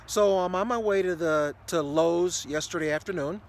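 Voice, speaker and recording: A man's voice: high voice, normal speed, slight background noise. A man in his sixties telling a rambling everyday story to camera, with many fillers and restarts. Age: 60s. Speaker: ministry video host.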